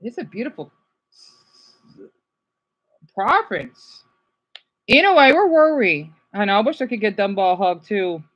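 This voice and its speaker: A man chatting casually on a live stream, reacting to viewer comments in a rambling, animated way. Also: high voice, unhurried, long pauses, muffled recording. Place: home room, keeping voice down.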